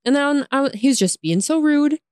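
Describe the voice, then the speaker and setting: A young woman vlogger tells a frustrating story in a casual storytime rant, sounding exasperated, laughing often, swearing, and saying "like" a lot. Her high, expressive voice has a darkish tone at a moderate pace, recorded in studio quality with no echo.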